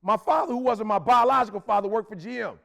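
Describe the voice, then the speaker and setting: Brief: middle-aged man, very high-pitched voice, motivational speaker from Detroit, urgent preachy delivery, slangy, hammers points by repeating them. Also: quick pace, creaky, fairly bright tone. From Detroit, Michigan, USA. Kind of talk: motivational speech to a live audience.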